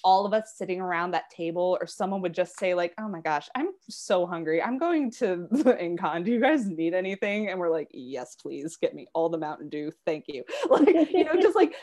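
A woman's voice: lowish voice, big pitch swings, normal speed, hardly any pauses, a little mellow. A young woman, a podcast guest, who reads a poem aloud and then chats casually, laughing often and using lots of fillers. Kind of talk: poetry reading and casual chat.

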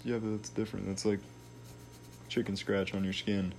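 A young man with a deep, low-pitched voice tells stories in loose, slangy chat and swears freely. His delivery is relaxed and unhurried, and a faint hiss sits under the recording. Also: vocal fry. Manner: laid-back, slangy, swears a lot. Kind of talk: casual storytelling chat.

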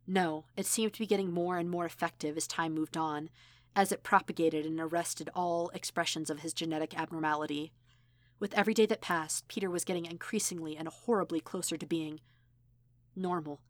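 Woman narrator, measured audiobook read, low voice, dry sound. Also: dry recording. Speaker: audiobook reader. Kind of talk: audiobook narration of fan fiction.

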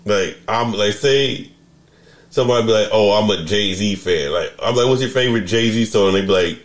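A man with a very low, deep voice hosts a casual podcast conversation. He rambles and keeps cutting himself off mid-sentence. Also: moderate pace. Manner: rambling, self-interrupting, restarts sentences. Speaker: podcast host. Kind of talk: casual chat.

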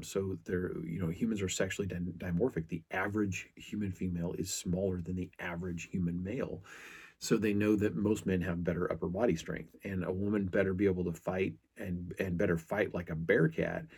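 A man's voice: deep voice, a little mellow, husky. A middle-aged man hosting a podcast, telling stories in an earnest, casual way with frequent restarts. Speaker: podcast host.

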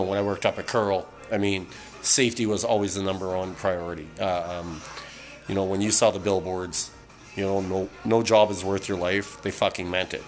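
Low-voiced profane Canadian man ranting. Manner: profane, rambling, many fillers and restarts. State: tipsy from beer. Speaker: podcast host. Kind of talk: casual ranting monologue.

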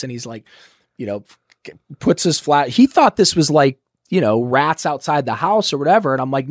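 A man in his thirties, a podcast guest, telling a story in casual chat, swearing often and acting out quotes loudly. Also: mid-range voice, expressive, a little fast, no echo, clean studio sound.

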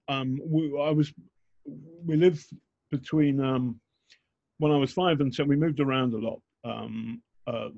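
Heard through dull audio, this English journalist guest in his sixties has a medium-pitched, darkish voice and a slight northern accent. Being interviewed, he shares candid stories bluntly and mocks himself, with plenty of ums and restarts.

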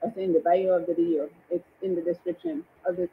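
A woman's voice: mid-range voice, big pitch swings, fast, gravelly, husky, narrow, tinny audio. A woman hosting a live dating show, chatting and greeting viewers by name. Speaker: livestream dating show host. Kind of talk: casual livestream hosting.

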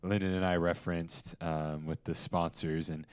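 A man's voice: low voice, little pitch movement, moderate pace, smooth, no room sound. A young man hosting a casual podcast chat, rambling through fillers and restarts. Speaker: podcast host.

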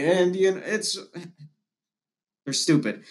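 A man's voice: mid-range voice, fairly even intonation, takes it slowly, long pauses, fairly bright tone. A man hosting a podcast, giving a political monologue in an impassioned, repetitive and combative way. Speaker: podcast host.

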